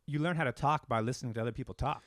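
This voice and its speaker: A man co-hosting a podcast, arguing his point in an animated, opinionated way and swearing casually. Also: medium pitch, very fast, dry recording, studio quality. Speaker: podcast co-host. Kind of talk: casual chat.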